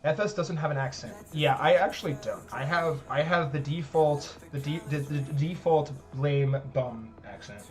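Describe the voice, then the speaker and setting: A man's voice: fairly high pitch, normal speed, few pauses, faint music behind. A man hosting a live chess tournament stream in casual chat, rambling with lots of "like" fillers and joking at his own expense. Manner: rambling, heavy use of "like" fillers; joking, self-deprecating.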